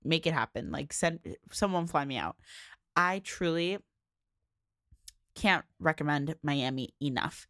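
A young woman with a low voice talks through a casual solo podcast recap, frank and chatty, packed with fillers and swearing. Her voice sits close and dry on the mic, with no room sound around it. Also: lively intonation, unhurried, pauses often, a bit bright, dry recording. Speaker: podcast host.

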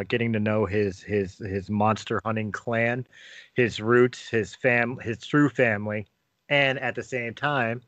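A man's voice: mid-range voice, fairly bright tone, no room sound. A man at a tabletop game, explaining his character's plans and often restarting as he searches for words. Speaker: player. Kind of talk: casual game table chat. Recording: dry, muffled audio.

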